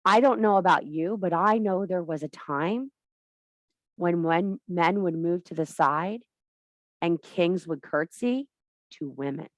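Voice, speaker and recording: A woman with a lowish, slightly slow voice, recorded dry, preaches to a women's circle as a spiritual teacher. Her talk is impassioned, blunt, profane and emphatic.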